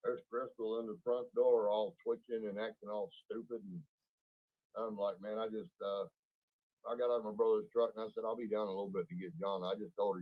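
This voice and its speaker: A man, speaking bluntly in a halting way full of fillers. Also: fairly low pitch, flat delivery, no room sound. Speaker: child's father, interviewee. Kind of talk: casual interview talk. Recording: tinny phone line.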